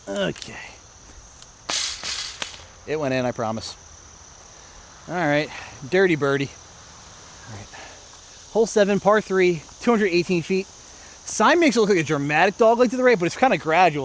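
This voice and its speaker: American man, slightly high voice, chatty outdoor vlog host, faint crickets behind. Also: slight background noise. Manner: chatty, self-narrating, talks to viewers. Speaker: disc golf vlogger. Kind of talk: casual play-by-play vlog. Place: outdoor park course.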